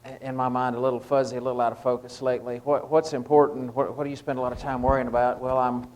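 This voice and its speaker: A lay preacher delivers a short, relaxed devotional, working through scripture in an everyday, conversational way. His middle-pitched voice often pauses, restarts phrases, and fills gaps with "uh." The recording quality is low.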